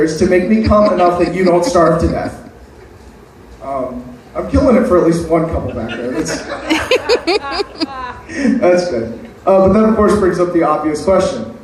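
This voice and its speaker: Brief: male open-mic comic, slightly high voice, crude self-mocking jokes, recorded from far back with faint room hum. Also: darkish tone, heavy reverb. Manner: crude, self-deprecating punchlines. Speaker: stand-up comedian. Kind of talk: open-mic stand-up set. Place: open mic night venue.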